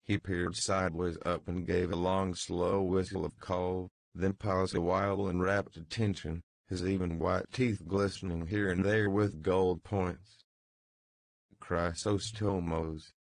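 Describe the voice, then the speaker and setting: A man narrating a classic novel as an audiobook, in a measured reading. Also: low voice, little pitch movement, vocal fry, no echo.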